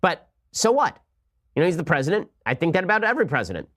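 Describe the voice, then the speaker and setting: A man delivering political commentary at a breakneck clip, his voice sitting a bit higher than most men's. He argues with sarcasm and fires off point after point as a show host. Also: very animated, a bit bright. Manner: sarcastic, rapid-fire argument. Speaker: podcast host.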